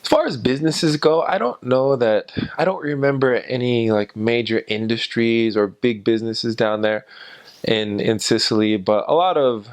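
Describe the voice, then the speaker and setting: A young man casually telling stories about his time as a missionary, rambling with many pauses and fillers. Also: mid-range voice. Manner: rambling, frequent "uh" and "and so". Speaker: former missionary. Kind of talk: casual storytelling.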